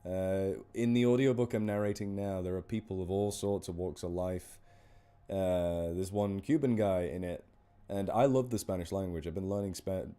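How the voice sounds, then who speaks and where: A man's voice: low-pitched, fairly even intonation, moderate pace, mellow, clear, resonant tone. A man chatting casually on a live stream between horror stories, rambling and self-deprecating as he thanks donors by name. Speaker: horror story narrator on a charity live stream. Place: indoors at home.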